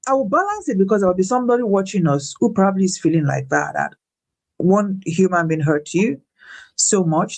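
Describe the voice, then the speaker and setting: A woman giving a personal faith testimony in an interview, talking in a preacherly way, with repeated words and big pitch swings when she retells a story. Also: gravelly, darkish tone. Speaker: guest speaker.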